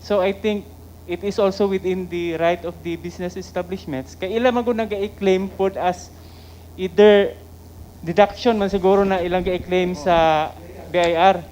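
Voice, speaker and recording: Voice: mid-range voice, a little mellow, poor audio. An official with a Filipino accent answering questions at a council session, careful and explanatory, hedging often.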